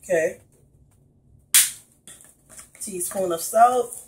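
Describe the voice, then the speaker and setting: A woman's voice: medium pitch, very slow, noisy background. New orleans lady cooking at home, chatty, talks right to y'all. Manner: chatty, addresses viewers directly as "y'all". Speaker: cooking vlogger. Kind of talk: casual cooking video. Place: home kitchen.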